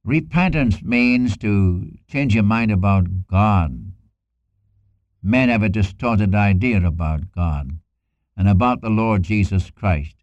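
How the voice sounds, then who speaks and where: A man's voice: on the low side, animated, takes it slowly, a little mellow, no echo. A man preaching a sermon in an earnest way, quoting scripture with dramatic emphasis and repeating lines for weight. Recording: dull lo-fi dry recording.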